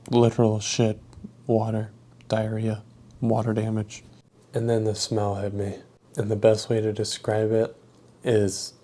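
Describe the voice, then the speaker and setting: A young man casually retelling a funny work story, animated and slangy, laughing as he goes. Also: fairly low pitch.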